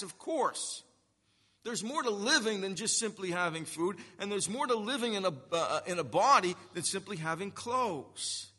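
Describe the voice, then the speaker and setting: A man preaches in a high, bright voice, unhurried and deliberate. His words ring out with a long reverb, as in a church sanctuary. He is earnest and emphatic, stretching the words he wants to land. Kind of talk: sermon.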